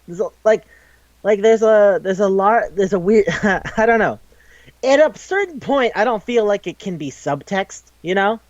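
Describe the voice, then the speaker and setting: A man's voice: sits high, animated, moderate pace, dry recording, dull audio. A man co-hosting a podcast in casual chat, rambling loosely with lots of "like", swearing freely and acting out quoted lines as he retells a story. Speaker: podcast co-host.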